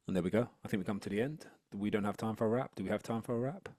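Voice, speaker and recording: A rapper and educational consultant talking energetically on a video call webinar, then rapping a picture book. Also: male voice, fairly low pitch, racing. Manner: energetic, upbeat, chatty. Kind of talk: webinar talk and live rap.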